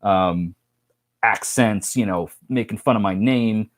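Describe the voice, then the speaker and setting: A man's voice: fairly low pitch, slow. Chatty man rambling on a live stream. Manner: rambling, chatty storytelling with many fillers and restarts. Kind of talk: casual live-stream chat.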